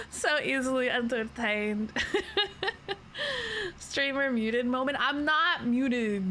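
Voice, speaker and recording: A woman's voice: fairly high pitch, expressive, a little slow, sharp tone, slight background noise. A sleepy woman livestreamer in casual chat, rambling and giggling as she talks, with plenty of slang.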